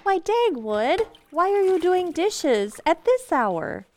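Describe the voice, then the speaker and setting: An actress playing a gentle, patient young wife and mother who soothes everyone, in 1940s radio acting. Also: very high voice, big pitch swings, slow, a little hiss or hum, heavily acted. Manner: gentle, soothing, calling people dear.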